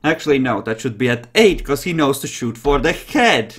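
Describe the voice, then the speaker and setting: Animated young man running a game. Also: medium pitch, moderate pace, slightly rough. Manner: lively, laughs often while narrating. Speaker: game master. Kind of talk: narrating a tabletop role-playing game.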